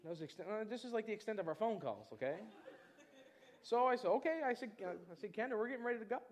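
A man preaching, telling a personal testimony in an animated storytelling way and acting out other people's voices. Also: sits high, quick pace. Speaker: pastor. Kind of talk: testimony in a church sermon.

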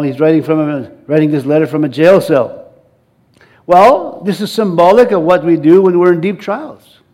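A male pastor delivering a sermon in a church. His voice sits a bit high for a man, and he keeps coaxing the congregation to call back and join in. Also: darkish tone.

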